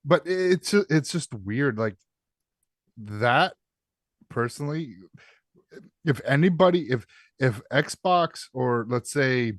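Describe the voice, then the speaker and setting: A man in a casual podcast chat, halting and restarting, swearing for emphasis. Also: medium pitch, animated, no echo, clean studio sound. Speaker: podcast co-host.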